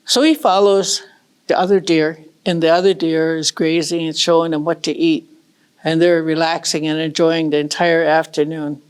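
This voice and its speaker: Unhurried and folksy, a middle-aged woman from northern Michigan recounts a traditional story, stepping aside now and then for casual comments to listeners. Her voice sits low and steady, with a clear, resonant tone.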